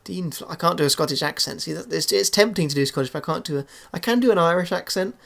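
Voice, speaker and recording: A man's voice: fairly high pitch, expressive, quick pace, creaky, a bit bright. A young man giving casual, hesitant commentary on his football game, full of fillers and restarts. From England. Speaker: gaming YouTuber.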